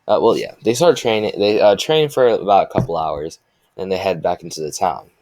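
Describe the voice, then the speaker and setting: Deep-voiced man rambling through a fan story. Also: fairly quick, darkish tone, no room sound. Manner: rambling, with many restarts and fillers. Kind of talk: improvised fan story narration.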